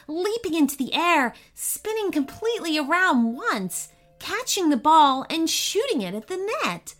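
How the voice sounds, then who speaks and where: A woman reading a children's story aloud with expressive, animated narration. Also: high voice, measured pace.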